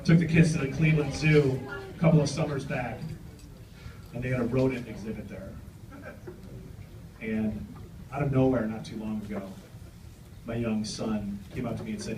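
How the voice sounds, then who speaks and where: A man in his forties doing a stand-up set on a club stage, brash, with loud punchlines and banter with the crowd. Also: medium pitch, steady tone, normal speed, pauses often, far from the mic, background noise. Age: 40s. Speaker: stand-up comedian. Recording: roomy club with crowd laughter. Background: audience laughing.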